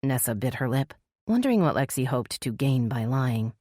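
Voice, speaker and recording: A woman narrating a mystery audiobook in a measured, even storytelling manner. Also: very deep voice, dry recording, studio quality. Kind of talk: scripted narration.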